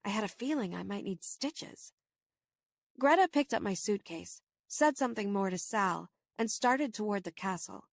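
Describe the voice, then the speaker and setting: A woman reading a first-person horror novel aloud in steady, measured audiobook narration. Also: mid-range voice, gravelly, dry recording, clean studio sound.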